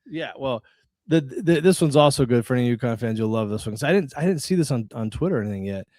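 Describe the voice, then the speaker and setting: A man's voice: medium pitch, animated, fast, darkish tone, no echo, clean studio sound. A man hosting a casual sports podcast and telling stories in a chatty way. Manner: chatty storyteller. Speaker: podcast host.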